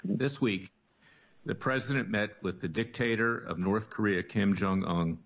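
A man's voice: fairly low pitch, unhurried, fairly bright tone, highs cut off. A man in a played clip giving an indignant political monologue, denouncing opponents.

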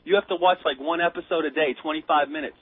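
Excitable man on a tinny phone line. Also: on the high side, quick pace, slightly rough, no echo. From United States. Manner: excited rambling storyteller, stumbles over words. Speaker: caller. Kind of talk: casual chat.

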